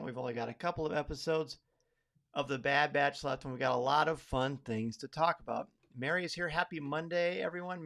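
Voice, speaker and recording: A man's voice: a little high, gravelly, a bit bright. A man hosting a live podcast, upbeat and chatty, greeting viewers by name as they arrive. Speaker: podcast host.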